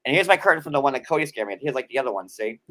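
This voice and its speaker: A man's voice: mid-range voice, animated, very fast, fairly bright tone. A man hosting a casual livestream from a desk at home, talking in a chatty, sarcastic way full of "like". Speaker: host.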